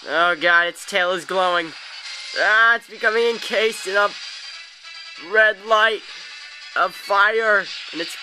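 Excitable male let's play host, bright voice. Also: high voice, unhurried, long pauses, faint music behind. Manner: excitable, gasps and exclaims at the game. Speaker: gaming channel host.

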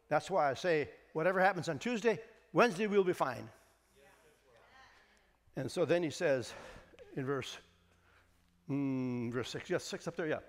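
An older man preaching a sermon as pastor, reading scripture slowly and emphatically with light jokes in between. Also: on the high side, expressive, big-room sound. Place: church sanctuary.

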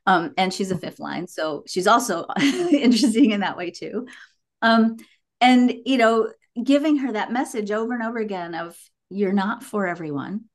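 Middle-aged woman, podcast guest, high-ish voice, animated storyteller. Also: moderate pace. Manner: animated storytelling, acts out quotes. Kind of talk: casual podcast chat.

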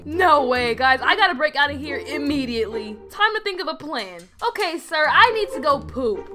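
Young woman, chatty, high and lively role-play narration. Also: moderate pace, hardly any pauses, music in the background. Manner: chatty and exasperated, with slangy asides. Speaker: game role-play creator.

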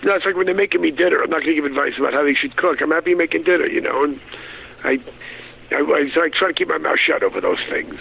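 A man's voice: a little high, animated, quick pace, creaky, phone-quality sound. A man in his sixties, a comedian guest, ranting with lots of profanity in a casual interview from his home. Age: 60s.

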